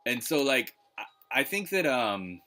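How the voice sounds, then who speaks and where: A man's voice: mid-range voice, sing-song, a little slow, pushed and bright, a little hiss or hum. A man streaming retro gameplay live, rambling in casual chat and swearing freely. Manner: rambling, swears, lots of restarts. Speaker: gaming streamer.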